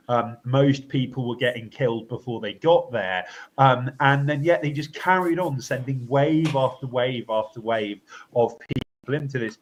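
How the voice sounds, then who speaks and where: Halting man with dull audio. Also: medium pitch. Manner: halting, many fillers and restarts. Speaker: co-host. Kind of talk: political commentary podcast.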